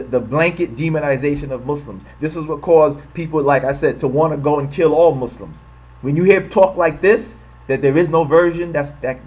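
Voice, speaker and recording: A man's voice: a little high, a little mellow. Heated American man in commentary video. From United States. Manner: heated, repetitive, restarts phrases. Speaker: host.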